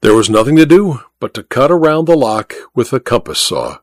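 A man narrating a story as an audiobook reader, with measured, expressive storytelling on a close mic. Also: medium pitch, no echo. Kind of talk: scripted narration.

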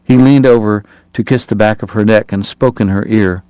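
A male audiobook narrator reading a historical novel in steady scripted narration. His voice sits low, and the recording is dry and close with no room sound. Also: moderate pace, hardly any pauses, clear, resonant tone, dry recording.

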